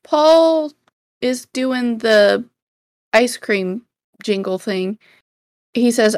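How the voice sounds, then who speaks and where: A woman co-hosting a casual movie podcast, adding short measured comments. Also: on the high side, lively intonation, a little mellow, no room sound, studio quality. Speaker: podcast co-host.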